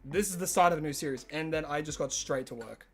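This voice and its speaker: A young Australian man with a high, light voice chats casually on a live stream, his accent a little Americanized. He answers viewers in a loose, self-mocking way while faint music plays under him. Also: fast. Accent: Australian with some American influence. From Tasmania, Australia.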